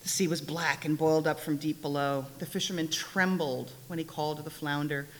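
A woman reading a folk tale aloud during a church service, expressive and with wry asides. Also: deep voice, fairly quick. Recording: echoey hall, faint hiss.

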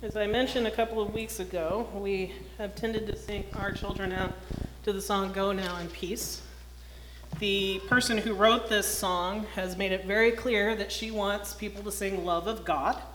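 A woman's voice: medium pitch, normal speed. A woman minister reading a children's story aloud and giving announcements at a service. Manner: expressive storytelling, plain announcing. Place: church sanctuary. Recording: roomy hall, faint noise.

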